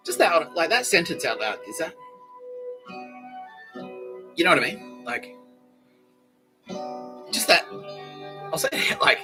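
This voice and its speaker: Over background music and through poor audio, a podcast host with an Australian accent works through a meandering, foul-mouthed funny story, laughing often. His voice is fairly high and swings widely in pitch, delivered at a measured pace with frequent pauses.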